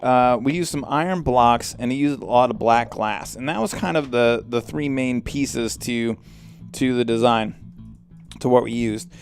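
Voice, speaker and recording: A man hosting a casual game commentary, chatty and excitable and quick to cry out in surprise. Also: mid-range voice, smooth, faint music behind. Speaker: let's play host.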